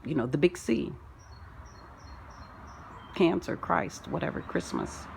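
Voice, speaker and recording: Woman, low voice, unhurried rambling monologue, sing-song wordplay, faint crickets outdoors. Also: lively intonation, gravelly, slight background noise. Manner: wordplay, sing-song, drifts between loud declarations and soft asides. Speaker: spiritual self-help vlogger. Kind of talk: rambling spoken-word monologue.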